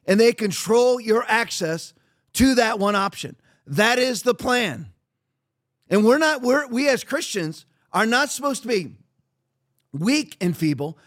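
A man with a strikingly high-pitched voice hosts a podcast in an opinionated monologue. He is combative and mocking. He often restarts his sentences mid-thought. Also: fairly bright tone. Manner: rambling with frequent restarts. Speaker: podcast host.

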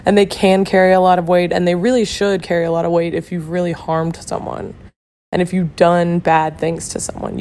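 Woman, podcast host, hoarse, gravelly rough voice, candid chatty talk with swearing. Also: lowish voice, a little mellow. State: hoarse from a lost voice. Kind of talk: casual solo podcast talk.

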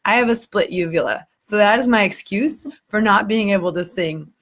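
A woman's voice: medium pitch, moderate pace. A woman hosting a casual vlog for her community, speaking earnestly and with open emotion. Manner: earnest, warm-hearted, a little emotional. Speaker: community group host. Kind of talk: casual heartfelt vlog talk.

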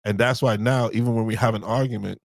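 A man co-hosting a casual podcast chat about marriage, a relaxed storyteller who acts out past conversations. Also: mid-range voice, fast, creaky, dry recording. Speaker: podcast co-host.

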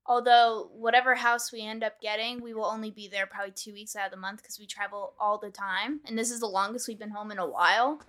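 A woman's voice: mid-range voice, steady tone, quick pace, hardly any pauses, fairly bright tone. A young woman from the New York area co-hosting a podcast, casual and wry, teasing her partner. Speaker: podcast co-host. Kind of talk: casual chat.

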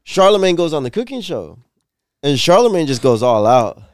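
A man's voice: on the high side, big pitch swings, normal speed, dry recording. A young man co-hosting a podcast, blunt and laid-back, swearing freely in casual chat. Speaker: podcast co-host.

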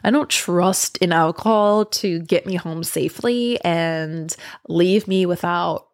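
A woman's voice: lowish voice, takes it slowly, no room sound. A young woman telling a candid storytime to her viewers, rambling and swearing freely. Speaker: vlogger. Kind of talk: casual storytime monologue.

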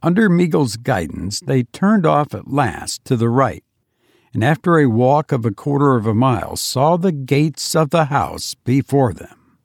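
A man narrating a ghost story in a measured, steady way. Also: mid-range voice, vocal fry, dry recording, clean studio sound. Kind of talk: scripted narration.

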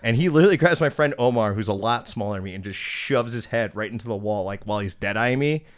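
A man's voice: lowish voice, quick pace. A young man hosting a podcast, casually telling a long story with lots of swearing and acted-out quotes. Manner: profane, animated storyteller acting out quotes. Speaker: podcast host.

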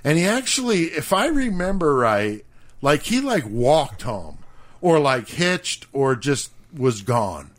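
A man's voice: a little high, sing-song, takes it slowly. A middle-aged man co-hosting a podcast, telling a story in casual, profane chat and laughing often. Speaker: podcast co-host.

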